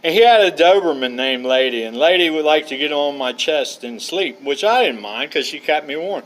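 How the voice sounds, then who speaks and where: A middle-aged man spins loose, meandering yarns from a campsite, slipping in asides and frequent uhs. His voice sits a touch higher than most men's. He keeps it casual and colloquial. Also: lively intonation, moderate pace, fairly bright tone, rough recording. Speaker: vlogger. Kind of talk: rambling personal storytelling. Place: outdoors at a campsite.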